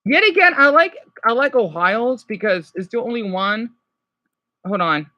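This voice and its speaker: A woman in a casual livestream, chatting away and answering her viewers' comments aloud. Her voice sits high and sounds bright and sharp. The sound is dry and close. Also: expressive, unhurried, dry recording. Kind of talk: casual livestream chat, reacting to a video.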